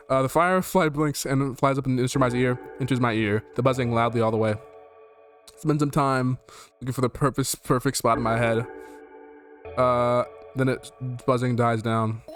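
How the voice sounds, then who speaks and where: Guy streaming a game at home, reads the text out and rambles, swears a lot, mid voice, quiet music under it. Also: medium pitch. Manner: rambling, jokey and profane, easily startled. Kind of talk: casual let's play commentary, reading game text aloud. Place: at home with his dog.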